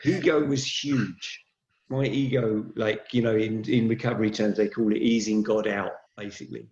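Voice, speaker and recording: Low-voiced man, candid and reflective. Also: steady tone, normal speed, darkish tone. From Great Britain. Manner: candid, reflective, speaks of sobriety. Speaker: guest. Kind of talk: casual chat. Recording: dull lo-fi sound.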